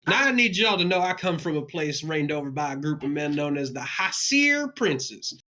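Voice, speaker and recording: A man's voice: fairly high pitch, steady tone, brisk, pushed and bright. A man doing a hammy Southern drawl. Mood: folksy. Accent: put-on American Southern. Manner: drawling, folksy, over-the-top. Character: male diplomat faking a clumsy Southern drawl. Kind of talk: tabletop role-play.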